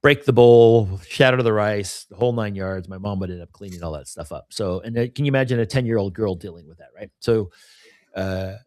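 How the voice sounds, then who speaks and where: A middle-aged man with a lowish voice speaks openly and confessionally on a casual podcast. He rambles, leaning on "you know" and "right?". The sound is dry and close, with no room echo. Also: brisk, darkish tone. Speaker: podcast co-host.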